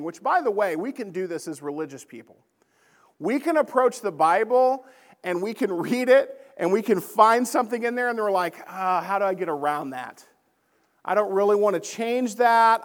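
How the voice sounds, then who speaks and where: High-voiced man teaching a Bible class. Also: fairly bright tone, in a large hall. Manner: conversational, often checks in with the class. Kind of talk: church lesson.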